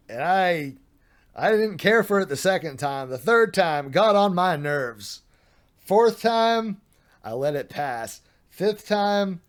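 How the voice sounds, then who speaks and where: Tired, sardonic male streamer. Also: a little high. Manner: sardonic, swearing, laughing at what he reads. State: tired late at night. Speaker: streamer reading drama threads. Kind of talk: casual live-stream commentary.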